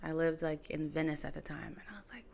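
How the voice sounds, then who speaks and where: A woman with a notably low, deep voice tells a personal story on a podcast. She speaks in a reflective, conversational way, and her sentences often trail off softly at the end. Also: quick pace, gravelly. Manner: reflective, conversational retelling with soft trailing phrases. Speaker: podcast host.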